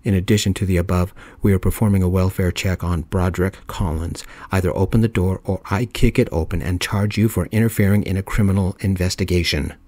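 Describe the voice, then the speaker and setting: A stern male police officer laying out the law in a steady, formal way, as a soft-spoken storyteller puts him on. The voice sits very low and mellow. The recording is close and dry. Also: fairly quick, few pauses, no room sound. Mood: firm. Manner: formal, steady, reads out rules.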